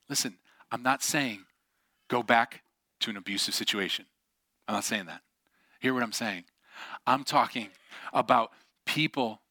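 Animated storytelling preacher, bright dry voice. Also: male voice, mid-range voice, no echo. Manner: animated storytelling with acted-out quotes. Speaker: pastor. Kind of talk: sermon.

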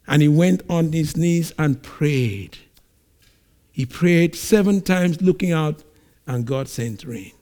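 High-voiced man preaching animatedly. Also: slow. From Nigeria. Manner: animated storytelling, acts out scenes. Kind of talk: sermon.

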